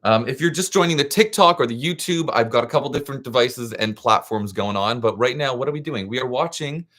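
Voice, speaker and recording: A young man hosting a live reaction stream, chatty and excitable, giving frank opinions in a scattered, casual way. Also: mid-range voice, a little fast. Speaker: livestream reaction host.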